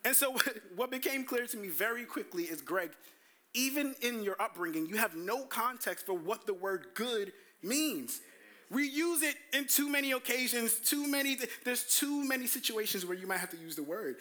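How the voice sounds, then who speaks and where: A man's voice: very high voice, normal speed. A young adult man, preaching a sermon as pastor, telling stories animatedly and acting out quotes. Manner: animated storytelling, quoting himself in voices.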